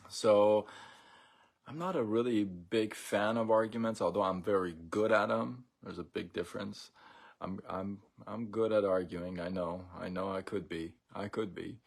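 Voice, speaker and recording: A man hosting a casual live stream, talking in a relaxed, rambling way with many fillers and restarts. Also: fairly low pitch, measured pace, gravelly.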